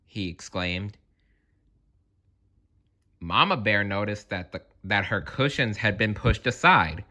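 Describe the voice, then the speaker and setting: A man's voice: on the low side, expressive, slow pace, long pauses, pushed and bright. A man narrating a children's read-aloud story, playful and talking straight to the listener. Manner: playful, addresses listener directly.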